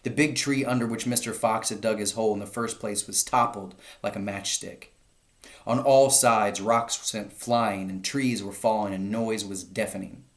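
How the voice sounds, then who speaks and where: A man, a teacher, reading a children's story aloud to his class, lifting his voice for the shouted lines. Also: lowish voice, fairly even intonation, normal speed.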